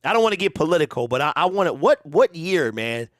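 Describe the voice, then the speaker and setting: Giggling high-voiced man on a sports show. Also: very animated, fast talker, a bit bright, no room sound, clean studio sound. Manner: laughs constantly, repeats words, loose and chatty. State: laughing hard, sweaty. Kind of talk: casual sports talk.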